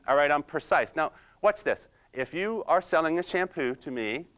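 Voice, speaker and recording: A man playing a quiet, precise, nerdy analyzer-type husband in comedic role-play, slow and hesitant with many ums and "you see?". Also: fairly high pitch, expressive, clear, resonant tone. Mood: deadpan nerdy. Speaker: personality-styles trainer.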